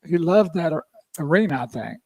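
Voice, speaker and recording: A man co-hosting a radio show, easygoing and quick to laugh. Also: a little high, expressive, creaky, warm tone, slightly rough, dry recording, studio quality. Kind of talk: casual radio chat.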